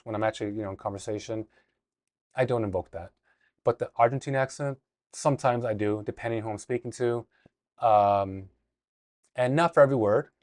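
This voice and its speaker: Low-voiced man giving a casual lesson. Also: no echo, clean studio sound. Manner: relaxed, talks quickly with fillers and restarts. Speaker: language teacher.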